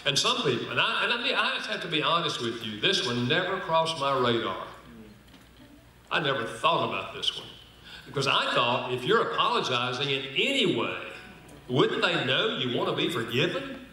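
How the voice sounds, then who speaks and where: A man's voice: a little high, sing-song, normal speed, bright, forceful tone. An older man speaking at a conference, teaching with stories and acting out the quoted lines, joking with the audience. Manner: storytelling, acts out quoted lines, jokes with the audience. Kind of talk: sermon-style teaching with anecdotes. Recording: roomy hall audio from a distant mic.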